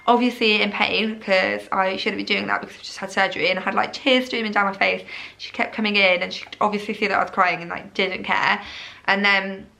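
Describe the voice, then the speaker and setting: A young woman chatting to camera about her birth story, her bright voice running on in a loose, rambling way. She fills her talk with "like" and "um" as she goes. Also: mid-range voice, creaky. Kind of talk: casual chat to camera.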